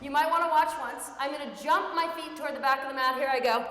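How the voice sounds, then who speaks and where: A woman teaches children yoga in a bright, high voice, giving encouraging cues and playful animal prompts. Her voice rings around a roomy studio with a long reverb tail. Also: brisk. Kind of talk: guiding a kids' yoga class. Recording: echoey room with long reverb.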